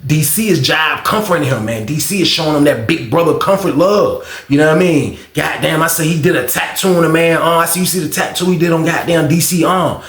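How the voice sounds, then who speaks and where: Animated, profane man telling a story. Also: fairly high pitch, fairly quick, few pauses. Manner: animated, profane, full of repeated fillers. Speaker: storytime host. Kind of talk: casual storytelling. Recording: roomy echo.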